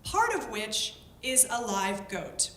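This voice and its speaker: A woman telling a lively story about her field work to an audience. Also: takes it slowly. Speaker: public health worker telling a story. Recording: echoey room with faint rumble.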